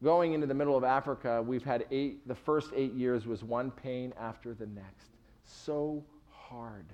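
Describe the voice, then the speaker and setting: A middle-aged man preaches from the pulpit, pressing hard on key words and then dropping nearly to a hush. He takes his time, letting each phrase land slowly. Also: medium pitch, highs cut off. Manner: emphatic preaching, swinging between soft and loud. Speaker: pastor. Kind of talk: sermon.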